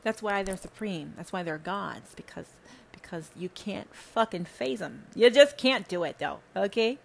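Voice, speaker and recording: A woman hosting her own podcast, delivering a sermon-like rant packed with swearing. Her voice sits at an ordinary middle pitch, and she hammers her points with emphatic bursts before dropping to low, muttered asides. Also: animated, unhurried, vocal fry. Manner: profane, emphatic, swings between loud and low. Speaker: podcast host. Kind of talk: preachy spiritual rant.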